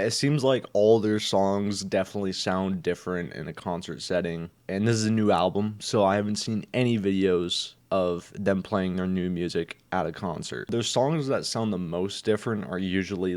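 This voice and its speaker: A man's voice: sits low, darkish tone. A young man who just woke up, chatting casually and rambling with lots of fillers and swearing. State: just woken up. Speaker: vlogger. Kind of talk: casual chat.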